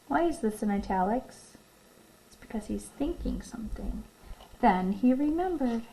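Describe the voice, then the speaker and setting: A woman teacher with a high, light voice reads a picture book aloud for a recorded class. Her reading is lively and expressive. She often breaks off to ask the children questions and tell them to pause. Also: rough recording. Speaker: elementary school teacher.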